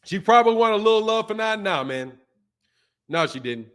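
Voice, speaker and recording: High-voiced man telling casual stories. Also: expressive, normal speed, a bit bright, smooth. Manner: loose, storytelling, lots of "man" and "bro". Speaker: boxing channel host. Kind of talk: casual live-stream chat.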